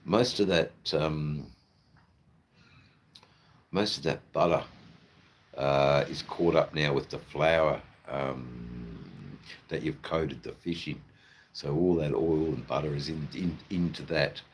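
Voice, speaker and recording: Low-voiced Australian man rambling on a livestream. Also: slow, long pauses, a little hiss or hum. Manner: rambling, loose and profane, full of fillers. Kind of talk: casual live-stream chat.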